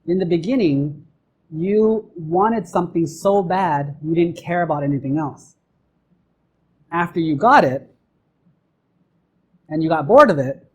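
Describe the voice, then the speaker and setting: A man's voice: on the high side, darkish tone, slightly rough, rough recording. A man, a monk, giving a question-and-answer dharma talk in a temple, playful and acting out little everyday scenes. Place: temple hall.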